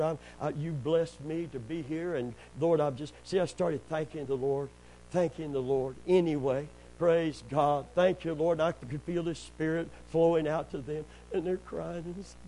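Preacher guy telling a story from the pulpit, kinda high voice, faint hum behind, lots of amens. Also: poor audio. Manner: folksy storytelling with frequent amens and praise God; gets loud and high when excited. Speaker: pastor. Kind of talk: sermon.

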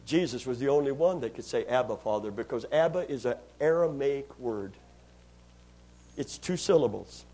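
Husky and medium-pitched with lively intonation, a pastor's voice carries through his sermon. He calls out for responses from the congregation and draws key lines out, growing loud for emphasis.

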